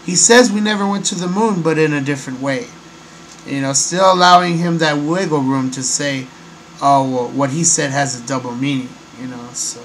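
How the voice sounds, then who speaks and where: Rambling man, raised pitch, faint hum. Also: moderate pace, poor audio. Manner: rambling, hesitant, many fillers. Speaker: host. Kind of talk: casual monologue.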